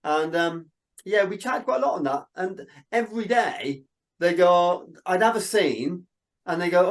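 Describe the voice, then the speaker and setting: A man, a filmmaker guest in a casual interview, telling animated stories and acting out what people said. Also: high voice, moderate pace. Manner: animated storyteller, quotes people in dialogue.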